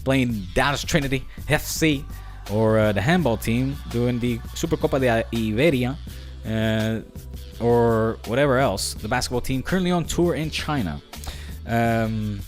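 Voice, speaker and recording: A man hosting a podcast, wrapping up in a playful, rambling, upbeat way. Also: low voice. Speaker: podcast host. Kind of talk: casual podcast sign-off.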